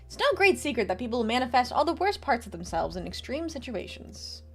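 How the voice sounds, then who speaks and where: A woman voicing a stern male militia officer in a video game, speaking in a measured way. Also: fairly high pitch, sing-song, breathy edge, faint music behind, full character voice.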